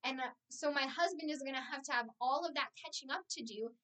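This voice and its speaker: Young woman cohost, slightly high voice, playful, kinda far from the mic. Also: fast talker, a bit bright. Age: young adult. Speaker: podcast co-host. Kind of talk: casual chat. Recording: too far from the microphone.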